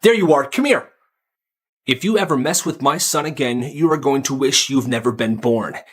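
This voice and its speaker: Man voicing a furious protective dad, loud and menacing, a bit husky, storytime cartoon. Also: medium pitch, a little fast. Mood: threatening. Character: angry protective father threatening a bully.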